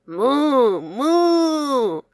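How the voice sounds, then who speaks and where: A woman plays a curious three-year-old boy in a storybook, his voice pitched up high and bouncing with excitement, lively and full of wonder. he calls out to farm animals eagerly. the sound is dry and close. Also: very slow, no room sound, full character voice. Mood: excited.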